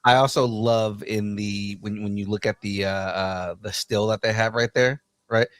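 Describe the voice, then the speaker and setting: A man co-hosting a casual pop-culture podcast, enthusiastic but halting, with frequent fillers and restarts. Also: lowish voice, fairly even intonation, fairly bright tone, no echo. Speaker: podcast co-host.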